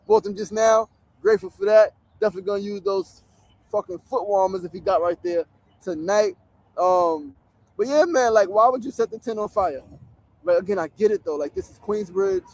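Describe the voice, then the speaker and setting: High-voiced, blunt New man in his 40s. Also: darkish tone. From New York. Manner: blunt, profane street talk. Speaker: show host. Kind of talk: outdoor livestream talk. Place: in a tent on a city street. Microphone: phone streaming.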